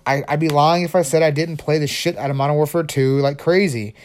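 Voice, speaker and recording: A man hosting his own podcast, chatting casually and excitably, rambling with frequent restarts. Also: fairly high pitch. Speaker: podcast host. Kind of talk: casual solo podcast chat.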